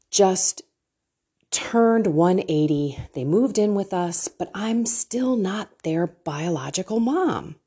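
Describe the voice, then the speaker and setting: A woman's voice: mid-range voice, mellow, breathy edge. A middle-aged woman talking candidly and emotionally to an online faith group, with a self-deprecating manner. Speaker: faith and life coach.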